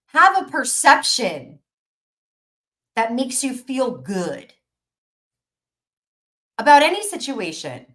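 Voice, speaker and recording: An energetic woman coach speaking live to her audience with a somewhat high voice. She talks emphatically, building rhythm by repeating her phrases, pushing her listeners to think differently. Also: slow, long pauses. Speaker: business coach hosting a live workshop. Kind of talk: motivational live stream.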